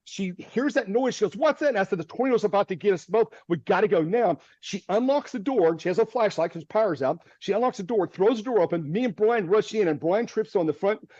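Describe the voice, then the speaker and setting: A man's voice: sits high, a little fast, hardly any pauses, darkish tone, breathy edge, no echo. A man, a storm chaser guest, telling a story vividly, with restarts and short nervous laughs, over a video call. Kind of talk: animated storytelling. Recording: dull, dry, lo-fi audio.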